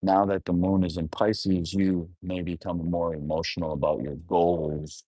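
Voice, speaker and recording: Slow, very deep-voiced musing man. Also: flat delivery, warm tone, dry recording. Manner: musing, often rephrasing and trailing off mid-thought; asks the listener reflective questions. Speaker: astrologer. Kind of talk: unscripted solo monologue.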